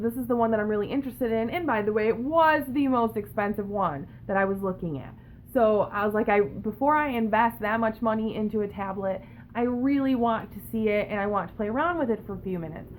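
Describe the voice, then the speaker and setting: A woman with a fairly high voice tells a storytime rant straight to camera. She swears constantly and acts out the clerk and herself in turn, and a faint hiss sits under the recording. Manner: profane, heated, acts out both sides of the story; talks in a cooing baby voice to her pet. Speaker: YouTuber.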